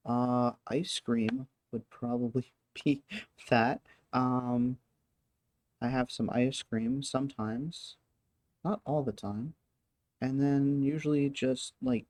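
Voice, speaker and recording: A woman's voice: extremely low pitch, darkish tone, no echo. A woman streamer chatting casually and hesitantly, full of ums and trailing thoughts. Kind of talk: casual chat.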